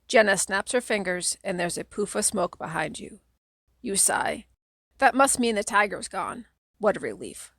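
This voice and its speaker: A woman narrating a children's audiobook in a steady, plain storytelling manner. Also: mid-range voice, normal speed, dry recording, studio quality. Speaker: audiobook reader.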